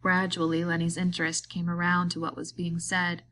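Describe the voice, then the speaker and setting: A woman reading a novel aloud with calm, measured narration. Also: fairly low pitch. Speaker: audiobook reader.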